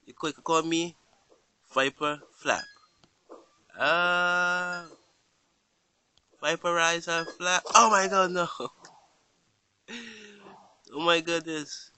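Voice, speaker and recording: A man giving casual gameplay commentary in a very bright, sharp voice pitched a little high. He is excitable, talks straight to the game character and keeps crying out when things go wrong. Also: very slow, pauses often, slight background noise. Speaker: gaming channel host.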